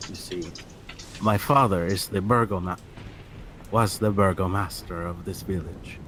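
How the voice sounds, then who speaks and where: A man voicing a weary nobleman who lives in his late father's shadow, speaking in a formal, measured, sorrowful way. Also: deep voice, steady tone, background noise.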